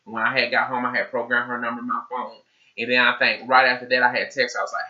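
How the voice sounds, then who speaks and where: A man vlogger telling a casual storytime with animated, cussing delivery. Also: mid-range voice, a little fast, dull audio. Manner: animated, profanity-laced storytelling.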